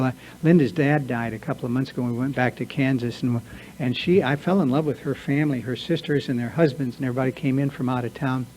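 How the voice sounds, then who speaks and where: A man's voice: medium pitch, warm tone, slight background noise, poor audio. A man giving an earnest, confessional talk to a recovery workshop, sometimes acting out his own inner voice. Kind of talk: personal talk to a recovery group. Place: meeting room.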